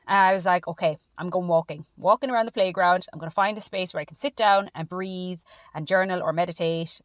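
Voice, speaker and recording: A woman's voice: medium pitch, no room sound, studio quality. A woman from Ireland co-hosting a podcast, speaking frankly and reflectively about her own struggles, sometimes swearing. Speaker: podcast co-host. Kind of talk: candid personal monologue.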